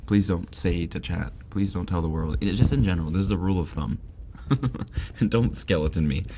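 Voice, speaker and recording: A man live-streaming on an ASMR channel, chatting casually about clips, often breaking into giggles while trying to keep his voice soft. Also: low-pitched, moderate pace, slight background noise. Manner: giggly, breaks into laughter, talks softly. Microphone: binaural ASMR microphone.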